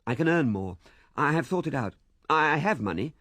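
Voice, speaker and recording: A man's voice: on the high side, lively intonation, normal speed, fairly bright tone, no room sound, voice pushed up. A man playing an urgent, earnest young suitor. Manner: pressing, insistent. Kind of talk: audiobook character voice.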